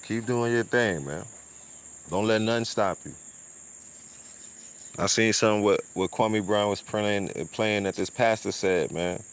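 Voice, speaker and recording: A man's voice: on the low side, measured pace, long pauses, clear, resonant tone. A man, hosting a casual livestream, laid-back with lots of slang, often laughing and repeating words. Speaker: streamer and show host. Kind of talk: casual livestream chat and shout-outs.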